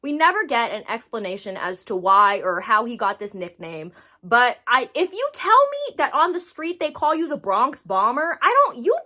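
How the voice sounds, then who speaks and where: A woman's voice: a little high, very animated, moderate pace, pushed and bright, faint music behind. A woman giving comedic movie commentary, sarcastic and incredulous, swearing freely. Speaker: movie reviewer.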